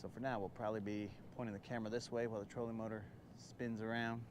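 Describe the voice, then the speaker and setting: A man hosting a casual fishing livestream outdoors on a boat on a lake, relaxed and slangy, chatting to viewers and coaxing the fish. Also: lowish voice, fast, background noise. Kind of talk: casual live-stream chat while fishing. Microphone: phone camera on the boat.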